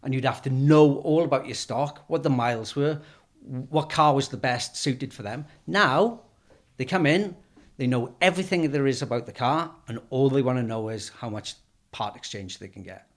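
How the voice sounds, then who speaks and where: A man hosts a conversational interview, relaxed and plain-spoken. He tells anecdotes in a voice of ordinary, middle pitch. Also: moderate pace. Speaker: podcast host.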